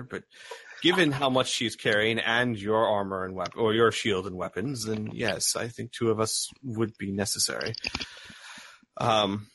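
A man narrates a tabletop role-playing game as its game master. His voice sits a little low, and he pauses often with ums and restarts as he describes the scene. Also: fairly bright tone, a little hiss or hum. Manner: hesitant, many ums and restarts.

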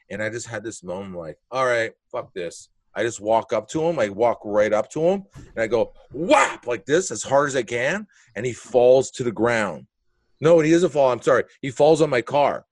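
Man, casual storyteller, profane, acts out quotes, mid pitch, dry room. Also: animated, normal speed, dry recording.

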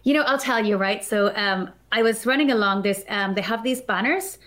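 A woman guest on a podcast, telling a story in an animated, chatty way, full of filler words. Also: medium pitch, normal speed. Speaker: podcast guest, developer advocate. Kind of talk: casual storytelling chat.

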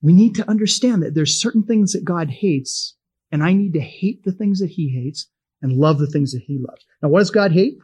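A middle-aged man gives a Bible teaching in a folksy, storytelling manner. His voice is husky and sits a little high for a man. He chuckles easily and keeps it conversational. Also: normal speed, darkish tone.

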